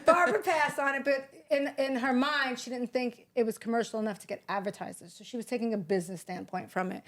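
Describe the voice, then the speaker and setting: Fairly high-voiced woman telling a story. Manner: brisk storyteller quoting others in dialogue; swears casually. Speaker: podcast guest. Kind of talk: casual storytelling chat.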